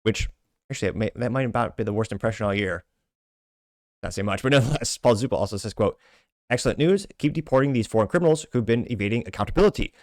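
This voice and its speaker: A man hosting a talk show, reading social media comments aloud with wry asides and quick self-corrections. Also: on the low side, expressive, a little mellow, no echo, clean studio sound. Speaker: podcast host.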